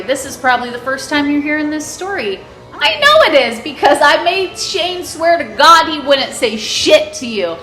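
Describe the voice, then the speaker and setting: A woman's voice: sits high, sharp tone. A young woman telling a crude, laughing storytime to her vlog audience in a casual way. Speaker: vlogger. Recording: echoey room with faint music.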